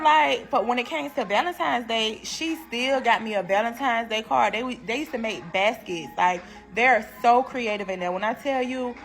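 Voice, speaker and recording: A young woman telling a prison story in a storytime vlog, animated and slangy, laughing as she goes. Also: a little high.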